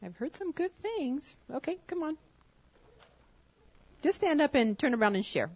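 High-voiced woman coaxing a congregation. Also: very animated, measured pace. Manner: conversational, coaxing, often chuckling. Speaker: pastor's wife leading a church service. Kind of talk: informal sermon talk to a congregation. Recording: dull lo-fi church recording.

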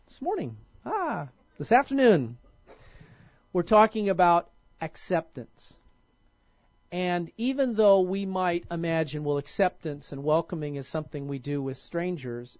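This church sermon comes from a male pastor whose voice sits on the high side. He talks casually, as if in conversation, repeatedly halting and beginning his sentences again, captured in a dull, lo-fi recording with no echo.

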